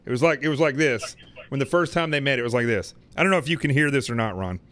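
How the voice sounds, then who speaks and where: Joking talk show host from Arkansas. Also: male voice, mid-range voice, fast, fairly bright tone. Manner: joking, friendly, lots of fillers. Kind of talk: casual chat with a caller.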